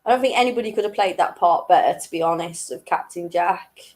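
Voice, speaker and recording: A woman hosting an online weekly quiz, chatty and laughing at her own jokes, reading each question twice slowly and clearly. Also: on the low side, darkish tone. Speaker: quiz host.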